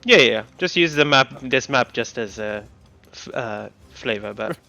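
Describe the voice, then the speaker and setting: A man running a tabletop game, describing the action in an animated way. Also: mid-range voice, normal speed, gravelly, muffled recording.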